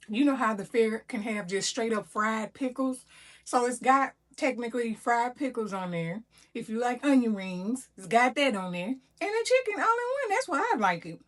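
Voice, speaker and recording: A woman from Mississippi with a Southern accent, chatting casually as a cooking vlog host and laughing often. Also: a little high. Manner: chatty, laughs often, addresses viewers as y'all. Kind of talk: casual chat.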